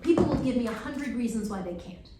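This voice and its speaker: Distant animated woman in an echoey hall. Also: a little high. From Long Island, New York. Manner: animated, acts out voices in quick asides. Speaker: guest speaker answering student questions. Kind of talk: lively advice talk at a Q&A. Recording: echoey room, heard from far off, faint noise.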